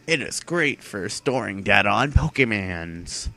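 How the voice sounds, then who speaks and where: A young man putting on a rambling, kindly old man voice, speaking with halting, drawn-out phrasing. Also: fairly low pitch, expressive, creaky, bright, forceful tone, heavily acted.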